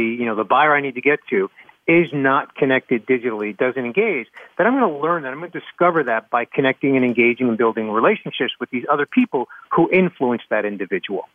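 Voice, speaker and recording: A man speaking as a panelist on a radio talk show, animated and emphatic and often repeating a word as he explains. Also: medium pitch, no echo. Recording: dry tinny phone line.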